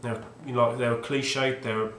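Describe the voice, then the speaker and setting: A male video game collector vlogger with a mid-range, slightly bright voice talks fairly quickly, his pitch barely moving. His casual, rambling monologue is hesitant and wry, full of restarts. It's a reverberant home recording with a little hiss or hum.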